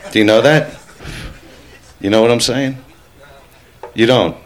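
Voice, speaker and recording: A man's voice: medium pitch, measured pace. A man doing a stand-up routine, brash and crude, teasing the crowd. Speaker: stand-up comedian.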